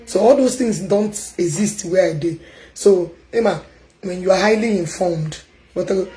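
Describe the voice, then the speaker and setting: A Nigerian woman with an Igbo accent chatting loudly and emphatically as a stream host, mixing English and Igbo. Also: fairly low pitch, normal speed, poor audio. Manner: loud, emphatic talker.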